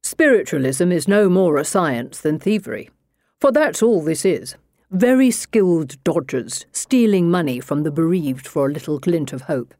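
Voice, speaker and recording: A woman voicing a calm, lightly condescending male police inspector in an audiobook. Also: sits low, normal speed, no echo, studio quality. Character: dry, cool-headed male police inspector. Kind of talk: audiobook narration.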